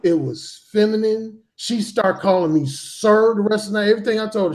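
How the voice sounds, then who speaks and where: A man with a high voice talks fairly quickly while telling a story on a podcast, where he is a guest and a dating author. The casual talk-show storytelling is blunt, profane and full of heavy emphasis.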